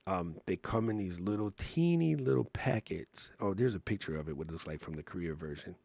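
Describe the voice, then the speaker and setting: Gravelly, low and a little mellow, this man's voice is animated and brisk as he answers live chat questions on a casual livestream. He spins stories in relaxed slang and laughs a lot, with no echo in the recording.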